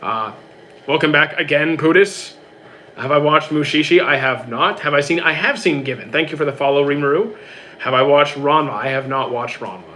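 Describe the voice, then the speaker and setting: A young man streaming live, reading out chat questions and answering them in quick, casual bursts. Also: fairly high pitch, sharp tone, a little hiss or hum. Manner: quick, reads questions aloud then answers briefly.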